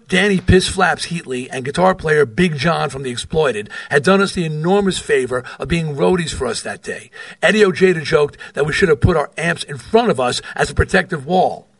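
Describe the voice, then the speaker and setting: A man's voice: a little high, breathy edge, no room sound. A middle-aged man from New York hosting a podcast, reading from his memoir and telling rock stories with wry, profane asides. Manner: animated storyteller, wry and profane, with asides off the page.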